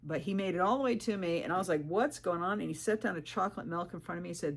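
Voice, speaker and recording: A middle-aged woman vlogging about hiking, telling a story in an indignant, animated way and mimicking other people's lines. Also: fairly low pitch, fast talker, gravelly, few pauses. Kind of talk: casual storytelling monologue.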